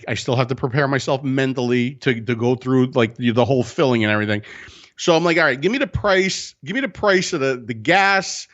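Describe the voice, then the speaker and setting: A man telling a story in a casual podcast chat, animated and profane, acting out the people in it. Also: medium pitch, muffled recording. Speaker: co-host.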